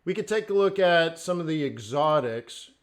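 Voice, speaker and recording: A man hosting a live trading stream, talking off the cuff and swinging between near-shouted rants and quiet asides. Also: fairly high pitch, animated, moderate pace. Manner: acts out traders' inner voices in quotes. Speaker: livestream host, forex trading coach.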